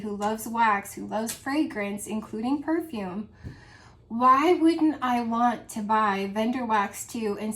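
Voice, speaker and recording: A woman's voice: fairly high pitch, a bit bright. A woman vlogger with a grown daughter, talking earnestly and emotionally in a rambling heart-to-heart about selling home fragrance. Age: adult with a grown daughter. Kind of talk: casual heart-to-heart monologue.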